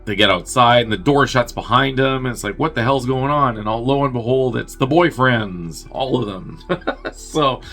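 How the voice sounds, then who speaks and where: A man's voice: mid-range voice, lively intonation, moderate pace, fairly bright tone, soft background music. A man hosting a movie review show, casually recapping a plot in a rambling, wry way and laughing at his own jokes. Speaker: movie review podcast host.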